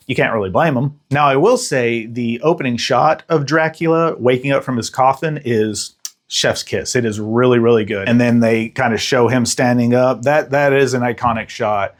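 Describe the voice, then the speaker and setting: A man hosting a casual, joking movie recap, full of slang and quick acted-out voices. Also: medium pitch. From Texas. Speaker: podcast host and film reviewer.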